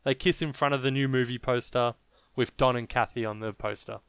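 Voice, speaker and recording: A man's voice: medium pitch, steady tone, brisk, a bit bright, clear, resonant tone, dry recording. A man co-hosting a casual film review podcast, blunt and mocking, swearing freely. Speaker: podcast co-host.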